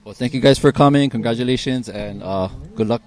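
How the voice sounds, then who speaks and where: A man conducting a beach interview, asking friendly, brisk questions. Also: medium pitch, darkish tone.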